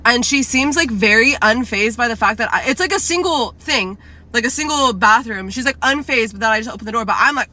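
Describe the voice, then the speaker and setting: Bright, chatty woman rambling a story. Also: fairly high pitch, normal speed. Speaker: cafe manager telling a story. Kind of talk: casual storytime vlog.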